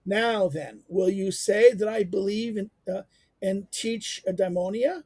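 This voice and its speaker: Man lecturing on an old text, high gravelly voice, husky, halting with fillers. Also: no room sound. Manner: halting, many filler sounds and restarts; jumps into animated pitch when quoting. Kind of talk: reading aloud and explaining a classic text.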